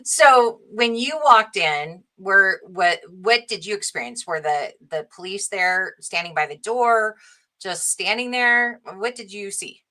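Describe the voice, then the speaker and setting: A woman's voice: mid-range voice, unhurried, sharp tone. A woman interviewing a guest, prompting him with short questions. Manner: brief prompting questions and backchannels. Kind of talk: conversational interview.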